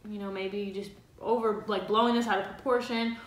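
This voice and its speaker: A woman co-hosting a casual advice chat with her partner, talking freely with lots of "like" and quick laughs. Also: medium pitch, steady tone, reverberant. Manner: chatty, laughs easily, filler 'like'. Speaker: co-host of a couple's channel.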